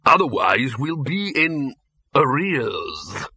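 A man's voice: medium pitch, sing-song, takes it slowly, bright, forceful tone, breathy edge, no room sound, exaggerated voice. A man voicing a desperate, ingratiating male wizard who pleads and schemes. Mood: scheming.

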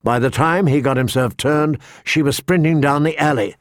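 A man reading a fantasy novel aloud as narrator, steady and shifting pace with the action. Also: a little high, normal speed, dry recording, clean studio sound. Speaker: audiobook narrator. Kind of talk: scripted narration.

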